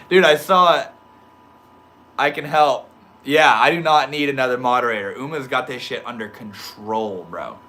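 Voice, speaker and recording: A man chatting on a casual livestream, reading comments out loud and cracking up at them. His voice sits a little high and sounds bright and forward. He talks loosely, full of slang, laughing easily. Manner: joking, laughs often, slangy. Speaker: livestream host reading chat. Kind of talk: casual live stream chat.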